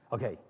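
A man preaching a sermon as pastor, with animated storytelling that acts out scenes. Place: church. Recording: long reverb of a church hall.

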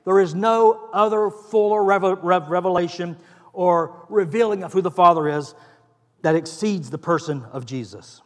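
A man's voice: high-pitched, normal speed. A man preaching a sermon as pastor, earnest and building to emphatic stress on key phrases. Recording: long hall reverb.

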